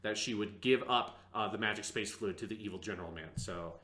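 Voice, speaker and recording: A man's voice: on the low side, a little fast, sharp tone, roomy sound, a little hiss or hum. A man co-hosting a casual review discussion, rambling with many fillers and hesitant restarts, sometimes slipping into mocking impressions. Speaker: podcast co-host.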